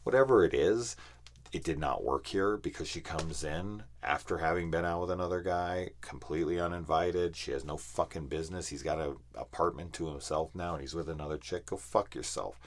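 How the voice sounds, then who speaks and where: Very deep-voiced man ranting profanely. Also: a little fast, a little hiss or hum. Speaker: film reviewer. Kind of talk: casual ranting review.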